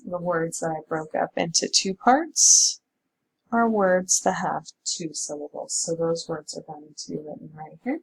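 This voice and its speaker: A woman's voice: on the low side, measured pace, creaky, rough recording. A woman teacher giving a recorded spelling lesson, patiently sounding out words.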